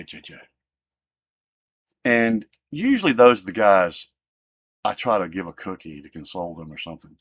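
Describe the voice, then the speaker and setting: Man, heated livestream rant, cursing, jumpy animated pitch, dry close sound. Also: breathy edge, no echo. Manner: profane, fired-up, swings between loud outbursts and muttering. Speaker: livestream host. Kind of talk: heated ranting livestream talk.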